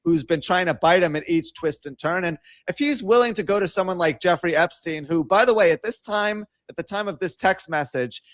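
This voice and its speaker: A man from North Brooklyn, New York City, with a Brooklyn accent, co-hosts and produces a casual political talk show, giving long, confident, opinionated explanations. His voice sits high and a bit bright, moving fairly quickly with hardly any pauses. The recording is dry.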